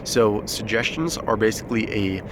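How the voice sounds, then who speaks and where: A lower-voiced man explains techniques in an easygoing, off-the-cuff way, pausing often on "um" and "uh" and restarting his sentences. He is outdoors in nature, recorded on a handheld phone, with faint outdoor ambience behind him. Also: background noise. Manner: relaxed, many fillers and restarts. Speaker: self-help teacher. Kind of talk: unscripted outdoor explainer video. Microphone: phone held by the speaker.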